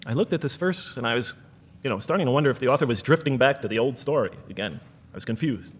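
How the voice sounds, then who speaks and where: A man's voice: medium pitch, expressive, fast talker, slightly rough. An American man giving a reflective lecture, reading out verses and explaining them while thinking aloud and rephrasing himself. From United States. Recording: long hall reverb.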